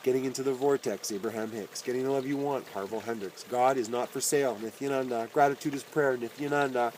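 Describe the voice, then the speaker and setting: A man's voice: mid-range voice, fairly even intonation, fast, a little mellow, a little hiss or hum, rough recording. A man reading aloud a long list of self-help titles and their authors, with dry, wry asides and his voice dropping on each name.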